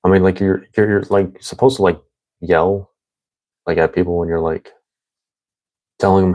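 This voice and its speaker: Young guy rambling casually, super deep voice, dry close sound. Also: moderate pace, pauses often, darkish tone, no room sound. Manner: rambling, many fillers. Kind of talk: casual chat.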